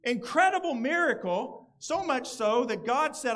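High-pitched man preaching a lively sermon. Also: unhurried, hardly any pauses. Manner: animated preaching, quotes song lyrics with playful voices. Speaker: pastor. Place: church gathering outdoors.

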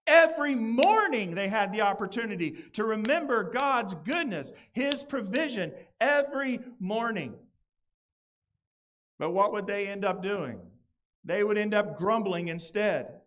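Man, high-pitched voice, pastor, sermon, animated preaching, playful quoting. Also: measured pace, a little hiss or hum. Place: church gathering outdoors.

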